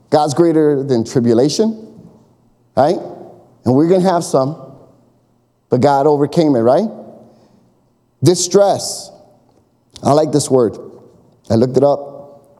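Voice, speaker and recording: A man's voice: medium pitch, dark tone. A man preaching a sermon as pastor, emphatic, calling out to the congregation and whooping. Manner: emphatic, call-and-response, bursts of whoops. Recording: long reverb of a large hall.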